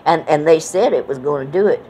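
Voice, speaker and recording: Briskly and in a low, warm voice, a middle-aged New England vlogger rambles through a casual reminiscing monologue with slight background noise. Folksy and full of fillers, she speaks with an accent that blends Southern and New England American.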